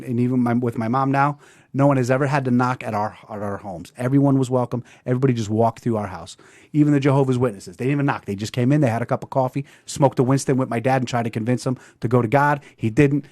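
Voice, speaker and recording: A man hosting a podcast, telling a story in a casual, animated way and acting out the dialogue. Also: medium pitch. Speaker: podcast host.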